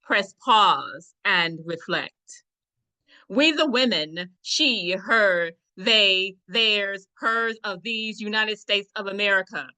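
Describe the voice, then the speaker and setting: A woman poet performs spoken-word verse in slow, deliberate phrases with meditative pauses. Her voice is bright and smooth, with a crisp clarity, and she takes her time over every line. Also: medium pitch, poor audio.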